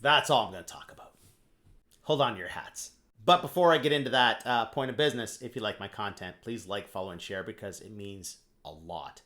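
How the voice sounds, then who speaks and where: A man giving a casual, blunt explainer monologue on finance, animated and occasionally swearing. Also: lowish voice, a little fast. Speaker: finance commentator.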